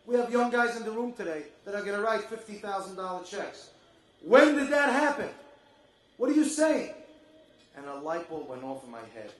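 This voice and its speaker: Guy with a really high voice pleading hard for donations, echoey hall, gets loud. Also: very animated, normal speed. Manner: fervent, builds to shouted appeals. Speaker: speaker at a charity fundraiser. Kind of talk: impassioned fundraising speech. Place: event room with an audience.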